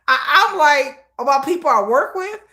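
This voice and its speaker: A woman's voice: high-pitched, animated, normal speed, sharp tone. Blunt, slangy woman livestream host. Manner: blunt, emphatic and opinionated, with frequent laughs; slangy and profane. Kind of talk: casual livestream commentary.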